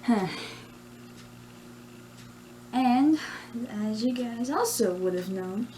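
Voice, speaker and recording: A woman's voice: on the high side, lively intonation, slow pace, mellow, slight background noise, low-quality recording. A woman chatting casually in a vlog about her plush characters, giggly and rambling. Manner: giggly, rambling, self-pleased. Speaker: plush video creator.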